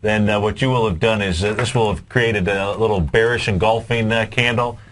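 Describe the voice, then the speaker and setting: Lower-pitched male co-host, explanatory, hesitant casual delivery. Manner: explanatory, halting with many uhs. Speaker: co-host of a market show. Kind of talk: casual trading advice.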